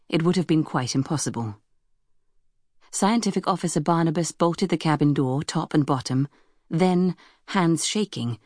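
A woman reading a novel aloud in measured scripted narration. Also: a little mellow, no room sound, clean studio sound. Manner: measured storytelling, voices dialogue with raised pitch. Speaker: audiobook narrator.

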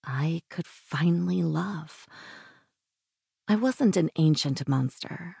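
A woman narrating a first-person audiobook in a slow, measured way, sometimes dropping into a hushed whisper. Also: deep voice, expressive, creaky, husky, no echo, studio quality.

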